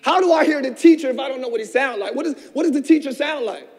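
A man with a strikingly high voice preaches a fervent sermon, rising to shouts and dropping to near whispers. His words ring out with a long echo through a church hall. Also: lively intonation, quick pace. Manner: passionate preaching, swinging between shouted peaks and hushed asides. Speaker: pastor.

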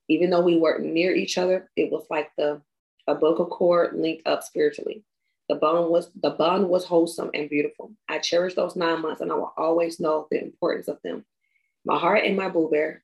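A young woman reading a personal memorial tribute aloud, tearful and halting, stumbling and restarting as she goes. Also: deep voice, creaky, low-quality recording. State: tearful, crying.

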